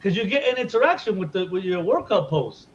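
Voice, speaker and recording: A man's voice: sits high, big pitch swings, fast talker, dull audio, a little hiss or hum. Foul-mouthed casual podcast host man. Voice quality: profane, loose and joking. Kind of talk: casual chat.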